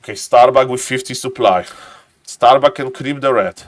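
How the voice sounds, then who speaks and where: A man giving live esports commentary, excitable and playful, bursting into high exclamations and joking asides. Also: moderate pace. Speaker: game caster.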